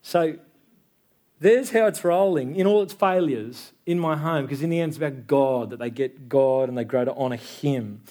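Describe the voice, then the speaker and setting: A man's voice: medium pitch, moderate pace, mellow. A man in his thirties preaching a sermon in a church, talking in a conversational way and checking in with the listeners. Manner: conversational, tag questions like "yeah?". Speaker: pastor.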